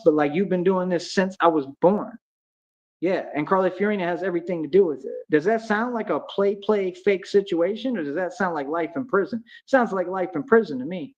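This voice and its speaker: A man's voice: high-pitched, darkish tone, muffled recording. A man hosting a livestream, ranting in an agitated, accusatory and taunting way. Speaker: livestream host.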